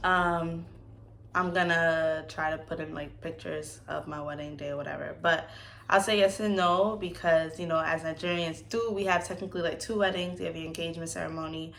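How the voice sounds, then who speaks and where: Bright-voiced young woman telling stories. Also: low-pitched, moderate pace, vocal fry, a little hiss or hum. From United States. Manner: animated, acts out quoted voices, laughs often. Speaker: vlogger. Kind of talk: casual storytelling Q&A vlog.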